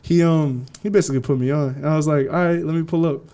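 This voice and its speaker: Young dj guy from california, slangy, bounces into quoted voices, kinda dark mellow tone. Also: on the high side, fast talker. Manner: slangy, animated, acts out quotes. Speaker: DJ guest. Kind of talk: casual interview storytelling.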